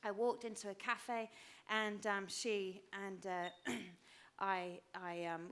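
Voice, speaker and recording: A woman in her fifties preaching a sermon, emphatic and repeating phrases for weight, dropping to a hush for personal stories. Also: medium pitch, measured pace. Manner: drops to a hushed voice for personal stories. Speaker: pastor.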